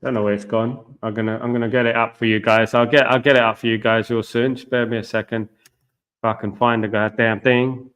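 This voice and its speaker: British bloke rambling on a football stream, bright voice, keeps saying guys. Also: male voice, mid-range voice, level tone, brisk, clear, resonant tone. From Britain. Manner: rambling, repetitive, addresses viewers as guys. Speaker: football channel host. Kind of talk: casual live-stream chat.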